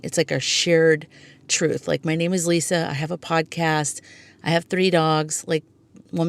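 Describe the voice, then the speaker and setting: In a low, creaky voice with no echo, a woman hosts her own podcast. The talk is a casual, thoughtful monologue, thick with "like" and "you know."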